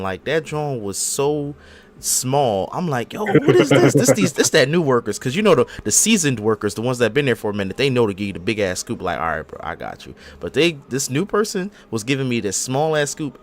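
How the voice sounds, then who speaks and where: A man's voice: mid-range voice, a little hiss or hum. A man hosting a casual gaming podcast, telling stories in a laid-back, slangy way. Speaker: podcast host.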